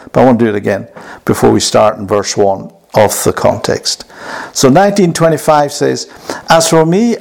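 A man's voice: medium pitch, vocal fry, a little mellow. A man teaching a Bible lesson in a conversational way, often asking his listeners questions. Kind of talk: sermon.

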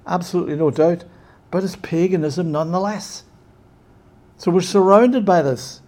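A man preaching a sermon with emphasis, often checking in with his listeners with a quick "yeah?". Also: a little high, dark tone.

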